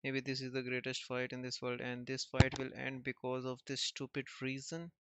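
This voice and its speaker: A man reading a comic aloud and adding short remarks, in a flat, even voice. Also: medium pitch, normal speed, background noise. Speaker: manga reader. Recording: dull lo-fi recording.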